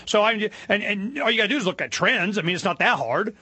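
A man holds forth on his talk show in an animated, indignant monologue, his voice climbing whenever he gets worked up. His tone is bright and forceful, sitting a little high for a man. The sound is dry and close, with no room around him. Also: fast, husky, no room sound. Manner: animated, indignant storytelling, rising pitch when worked up. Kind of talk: opinionated monologue.

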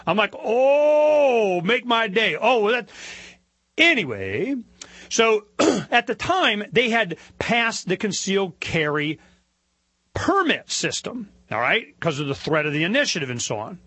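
A man holds forth on his talk show in an animated, indignant monologue, his voice climbing whenever he gets worked up. His tone is bright and forceful, sitting a little high for a man. The sound is dry and close, with no room around him. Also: a little slow, husky, dry recording. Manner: animated, indignant storytelling, rising pitch when worked up. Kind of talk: opinionated monologue.

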